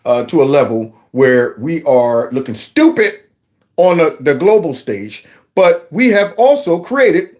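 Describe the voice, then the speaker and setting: Animated high-voiced man ranting. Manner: mocking, animated, many fillers. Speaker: political commentary host. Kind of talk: casual political commentary.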